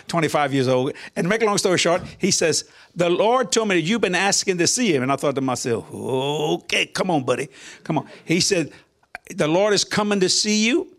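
An older man, a minister, telling a lively personal testimony in a colloquial way, laughing often and jumping his pitch when he quotes people. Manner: animated, laughing, colloquial, voices quotes with big pitch jumps. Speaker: guest minister. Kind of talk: testimony storytelling.

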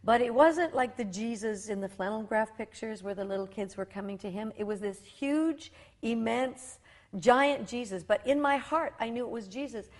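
A woman in her fifties from rural Saskatchewan tells her testimony as a talk show guest. Her voice sits somewhat high. She tells the story with animation and many false starts. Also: normal speed. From rural Saskatchewan, Canada. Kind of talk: personal testimony.

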